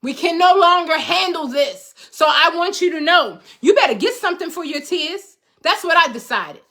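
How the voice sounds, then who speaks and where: Middle-aged woman, motivational host, high bright voice, emphatic and preachy. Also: expressive, moderate pace. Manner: emphatic, preachy, repeats phrases for rhythm. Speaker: host, life coach. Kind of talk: motivational talk to viewers.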